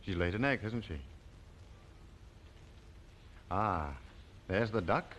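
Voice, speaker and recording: Lively low-voiced man presenting to children. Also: slight background noise. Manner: slow, coaxing, sing-song, invites the viewer to join in. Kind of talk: gentle presenting to young children. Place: television studio.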